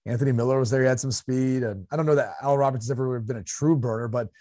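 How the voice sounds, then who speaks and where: A man's voice: medium pitch, fairly even intonation, fast talker, dark tone, dry recording, clean studio sound. A man from Ohio co-hosting a sports talk podcast in a chatty way, with fillers. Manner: chatty, with frequent fillers and laughs. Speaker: podcast co-host.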